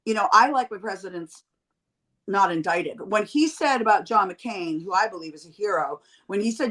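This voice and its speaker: A middle-aged woman from Canada, a guest on a podcast, tells stories in a blunt and animated way and swears freely. Her pitch sits in an ordinary middle range for a woman. The tone is casual and outspoken throughout. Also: moderate pace. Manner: blunt and profane, animated storytelling. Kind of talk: casual chat.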